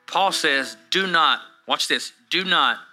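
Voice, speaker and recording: A man around forty preaching a sermon to a congregation in a church, swinging from hushed asides to shouted peaks, with humorous self-deprecating stories. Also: a little high, expressive, slow, faint music behind, low-quality recording. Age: 40s. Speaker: pastor. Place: church hall with a live congregation.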